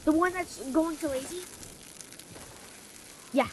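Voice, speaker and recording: A woman chatting casually with a teammate while playing a video game, excitedly calling out directions. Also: sits high, unhurried, a little hiss or hum, poor audio. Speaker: gamer.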